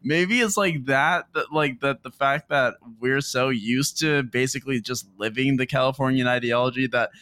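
Bright-voiced rambling podcast man. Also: mid-range voice, normal speed, hardly any pauses, dry recording. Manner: rambling, lots of fillers and hedges. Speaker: podcast co-host. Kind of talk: casual comedic chat.

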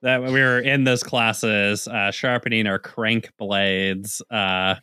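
A man's voice: on the low side, steady tone, slow pace, bright, forceful tone, clear, resonant tone, dry recording. A man co-hosting a podcast in casual chat, sardonic and laughing. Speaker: podcast co-host.

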